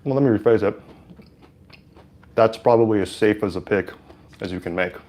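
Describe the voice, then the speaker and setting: At a normal speed, this man talks in a lowish, darkish voice. He's hosting a casual California live stream with a lapel mic, chatting with viewers and calling plays; he's talkative, hesitant, uses many fillers, and gets hyped at good moments.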